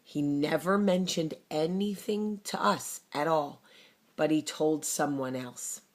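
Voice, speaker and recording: A woman, telling a personal story to camera in a blunt, fiery, animated way. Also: low voice, slow. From New Jersey. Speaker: vlogger. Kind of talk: casual talk to camera.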